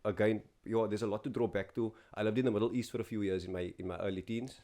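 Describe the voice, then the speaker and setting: A man's voice: lowish voice, steady tone, mellow. A young man from South Africa, a content creator guest chatting in an emphatic, opinionated way. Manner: fast, opinionated, emphatic talker. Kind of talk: casual chat.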